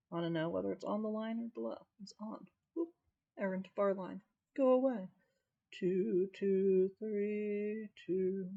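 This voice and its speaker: A male music theory teacher with a high-sitting, creaky, dark voice explains things step by step in a recorded lesson. He often hums rhythms on "da" to demonstrate, and the recording is dull and lo-fi.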